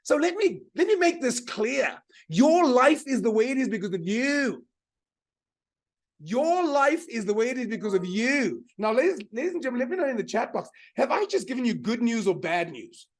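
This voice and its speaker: A man's voice: very high voice, very animated, moderate pace. A man leading a live online motivational seminar as a mind power teacher. He talks with energy, repeats his key lines for emphasis and keeps asking the audience to answer in the chat.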